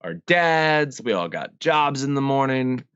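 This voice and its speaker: Laid-back swearing podcast host. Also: male voice, mid-range voice, sing-song, unhurried, dull audio, a loud crowd. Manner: loose, swearing, laughing storyteller. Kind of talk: casual chat.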